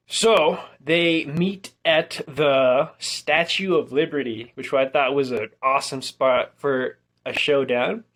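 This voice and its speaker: A young man casually reviewing a movie, retelling its scenes in an animated way and quoting the characters with plenty of "like.". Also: mid-range voice, unhurried, few pauses. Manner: animated storytelling, quotes characters with filler "like".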